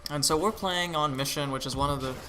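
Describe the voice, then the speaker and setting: A man's voice: on the high side, fast, sharp tone. Tired man rambling over gameplay. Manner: rambling, with many restarts and fillers. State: tired, yawning. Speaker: gaming channel host. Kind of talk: laid-back commentary over gameplay. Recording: noisy home recording with clicks.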